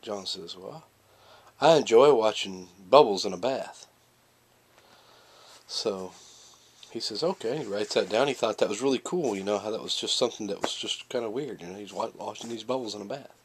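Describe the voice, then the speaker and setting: A man casually telling jokes, rambling with lots of fillers and restarts and jumping into loud, excited bursts when he acts out the characters. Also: lowish voice, fairly quick, slight background noise.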